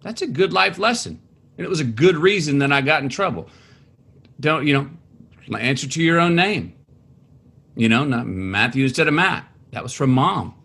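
A husky-voiced man recalls his upbringing in conversation. His pitch leaps and dips as he acts out relatives, and between quotes he stops and restarts sentences while he searches for words. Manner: halting, many restarts, animated quoting of family. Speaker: interview guest, author. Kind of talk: conversational storytelling.

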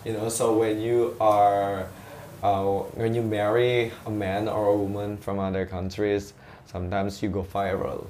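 A man's voice: fairly low pitch, flat delivery, a little slow, darkish tone, slight background noise. A young man with an Indonesian accent, chatting as a guest and telling stories with lots of fillers and restarts. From Sulawesi, Indonesia. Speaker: guest, English teacher. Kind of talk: casual chat.

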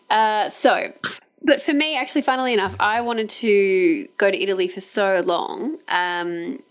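A woman hosting a travel podcast, chatting casually, laughing often and restarting her sentences. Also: mid-range voice. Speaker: podcast host. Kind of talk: casual chat.

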